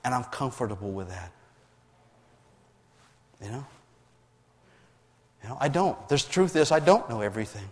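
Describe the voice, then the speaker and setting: A man preaching a sermon, reading scripture aloud and explaining it, with many restarts and swings between raised readings and quiet asides. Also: medium pitch, very animated, moderate pace, pauses often, long reverb tail. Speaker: pastor.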